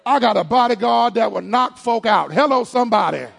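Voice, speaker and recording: A man preaching a sermon as pastor, leading call-and-response, shouting at peaks, then dropping to low asides and joking with the congregation. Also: animated, a little fast, vocal fry. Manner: playful, jokes with the congregation.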